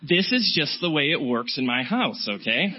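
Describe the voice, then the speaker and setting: A man preaching, telling a self-mocking story with an animated delivery. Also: fairly high pitch, moderate pace. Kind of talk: sermon with storytelling. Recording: dull, muffled sound.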